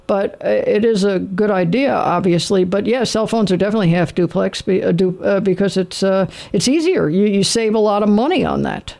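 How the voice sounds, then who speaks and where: Halting, chatty radio host. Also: mid-range voice, gravelly, darkish tone. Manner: halting, restarting, musing aloud. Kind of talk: casual on-air chat.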